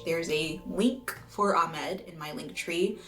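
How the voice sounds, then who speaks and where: A woman from the United States reading a scripted video essay in an earnest, measured way, now and then swearing for emphasis. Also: lowish voice, a bit bright. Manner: earnest, measured, occasionally profane. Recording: roomy echo with faint music.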